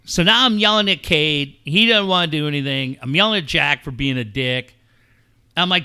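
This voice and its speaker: A middle-aged man telling a story in casual chat, animated and swearing often. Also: on the high side, normal speed, smooth. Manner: animated, swears often, acts out quoted shouts. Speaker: show regular telling a story.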